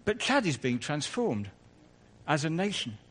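A man's voice: a little high, very animated, measured pace, a bit bright. A man preaching a conversational sermon in church, full of asides and self-corrections.

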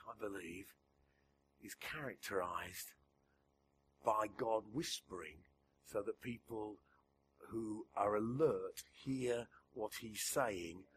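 A man preaching a sermon, swinging between emphatic lines and a hushed near-whisper, chuckling at his own jokes. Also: mid-range voice, slight background noise. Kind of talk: sermon to a church gathering.

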